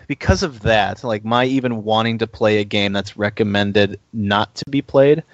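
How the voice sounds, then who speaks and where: A man's voice: lowish voice, moderate pace, no echo. A man on a casual podcast debate panel, reasoning aloud in a thoughtful, hedging way with fillers. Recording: dry, muffled lo-fi stream audio.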